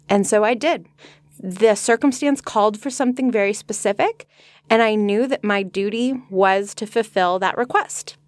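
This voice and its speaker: A woman's voice: medium pitch, no echo. A woman co-hosting a podcast, talking in an earnest, reflective way in casual conversational discussion. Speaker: podcast co-host.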